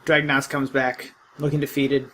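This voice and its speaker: A man narrating a tabletop game as game master, relaxed and joking. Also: mid-range voice, normal speed, a little hiss or hum, low-quality recording.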